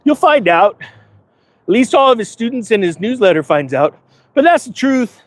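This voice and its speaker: A man's voice: very high-pitched, big pitch swings, normal speed. A man playing a smug, self-important financial advisor persona, talking sarcastically and rambling to camera outdoors. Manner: sarcastic, boastful, rambling with asides. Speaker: finance vlogger. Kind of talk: comedic persona monologue to camera. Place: outdoors in front of a big-box store.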